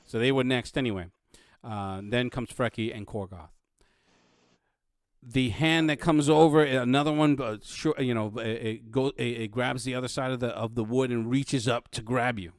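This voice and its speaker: A man running a tabletop game as game master, narrating in a halting, playful way with many restarts. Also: mid-range voice, clear, resonant tone, dry recording, studio quality.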